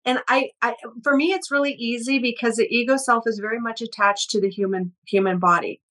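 A woman's voice: a little high, steady tone, brisk, fairly bright tone. A woman energy healer, a guest in a casual interview, telling stories in a rambling way with many restarts and repeated words.

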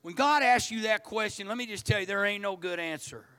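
A man's voice: high-pitched, fairly quick, bright, forceful tone, clear, resonant tone. A man preaching a sermon, telling a personal story in a folksy, repetitive way. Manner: folksy, storytelling, repeats words. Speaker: pastor.

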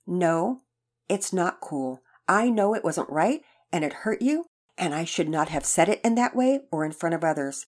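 A woman reading a storybook and voicing an earnest young boy who is eager to make things right, in a high, keen voice. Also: expressive, normal speed, darkish tone.

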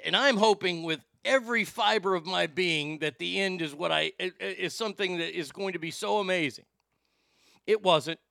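High, gravelly, bright-voiced male streamer. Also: no echo. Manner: incredulous, profane, stammering restarts. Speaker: live stream host. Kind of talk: crude comedic rant to chat.

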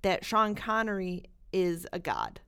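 A woman's voice: on the low side, wildly swooping pitch, unhurried, vocal fry, fairly bright tone, clean tone. A woman co-hosting a podcast, chatting casually about movies and laughing often. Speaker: podcast co-host.

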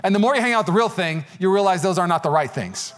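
Young guy pastor preaching fast, slangy and jokey, voice sits kinda high, climbs on the big repeated lines. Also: expressive, a bit bright. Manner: conversational, joking, slangy preaching with rising repetitive appeals. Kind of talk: sermon.

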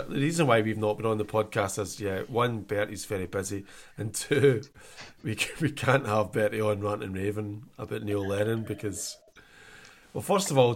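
Joking man with a lowish voice. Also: slight background noise. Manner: jokey, ranting, laughs a lot. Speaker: podcast co-host. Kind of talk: casual chat.

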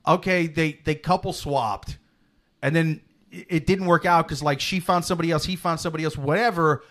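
Excitable swearing male podcast host. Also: on the high side, a little fast. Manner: animated, swears freely, bursts into loud mock voices. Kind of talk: casual comedic chat.

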